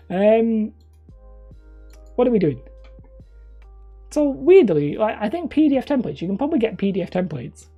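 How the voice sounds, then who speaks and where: Husky, mellow-voiced man in his thirties. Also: very high voice. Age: 30s. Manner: rambling, self-mocking, chuckling. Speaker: hobby terrain channel host. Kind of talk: casual live-stream chat with viewers.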